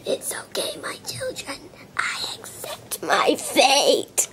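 A woman voicing a dying mother fox in a whispered role-play, faint and breathy. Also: high voice, huge pitch swings, takes it slowly, full character voice. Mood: fading.

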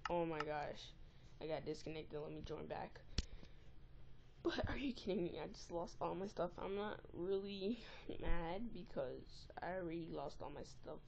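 A woman giving casual, excitable and easily exasperated commentary while playing a game, recorded on a tablet's built-in mic. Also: sits low, moderate pace, vocal fry, dull audio, slight background noise. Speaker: gameplay recorder.

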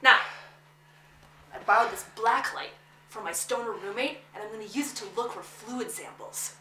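An actress playing a bossy, squeamish amateur crime investigator, brash and theatrical, on a small stage. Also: female voice, a little high, moderate pace, bright, forceful tone, a little hiss or hum. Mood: eager. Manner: brash, theatrical, easily grossed out. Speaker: stage actor. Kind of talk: live comedy stage acting. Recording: echoey theater room.

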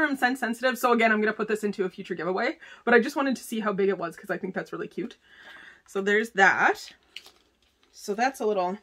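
A bubbly woman vlogger talks her way through a beauty subscription box in a casual chat to camera. Her voice sits a little high and swoops animatedly, and she gushes excitably over each item. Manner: gushing, excitable, chatty with frequent "like" and "oh my gosh".

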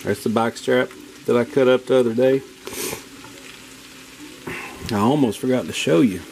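A man's voice: mid-range voice, a little fast, gravelly, a little mellow, a little hiss or hum, poor audio. Folksy man cooking and chatting. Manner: folksy, enthusiastic, talks to viewers directly. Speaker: outdoor cooking channel host. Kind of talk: casual cooking vlog. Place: home kitchen with food frying. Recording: faint kitchen sizzle behind.

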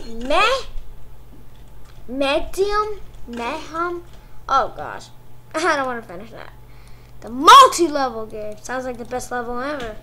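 A woman commentating on her own gameplay, excitable, cheering and shrieking at what happens on screen. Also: high-pitched, takes it slowly, long pauses, slight background noise, low-quality recording. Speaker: gaming commentator. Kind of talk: let's play commentary.

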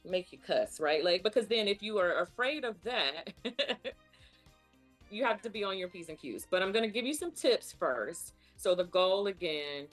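Upbeat woman coaching voice care. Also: fairly low pitch. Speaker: speech pathologist guest. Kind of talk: casual instructional chat.

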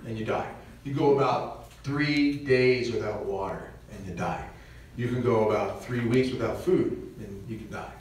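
Animated guy doing a church talk, far from the mic, big echoey room, lots of playful asides. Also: mid-range voice, moderate pace. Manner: animated, jokey, acts out little scenes. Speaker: visiting speaker on preparedness. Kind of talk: lively parish mission talk. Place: church hall.

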